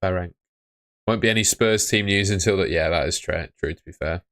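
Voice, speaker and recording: A man's voice: deep voice, brisk, a bit bright, dry recording, clean studio sound. A young man hosting a live stream, chatting casually and muttering to himself as he sorts things out on his phone. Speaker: livestream host.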